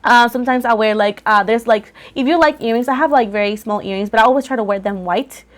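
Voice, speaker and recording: A woman casually chatting to viewers as the host of a tarot channel, rambling and often repeating herself, her voice a little rough from coughing. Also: fairly high pitch, quick pace.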